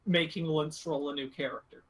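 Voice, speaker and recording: Bright-voiced man running a tabletop game. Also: fairly high pitch, steady tone, normal speed. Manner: hesitant, full of ums. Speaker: game master.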